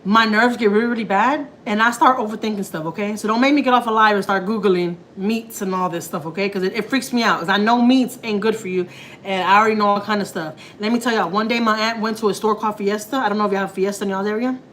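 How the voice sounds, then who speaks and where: Texan woman, live home-kitchen cooking chat, slangy, mid-pitched, recorded on a phone. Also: fairly even intonation, quick pace, a bit bright, slight background noise, low-quality recording. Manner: chatty, slangy, laughing asides. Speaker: family vlogger.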